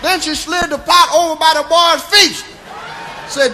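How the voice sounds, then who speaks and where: A man's voice: extremely high pitch, steady tone, measured pace, background noise. A man telling a raunchy comic story in a sing-song, drawling way, often breaking into laughter.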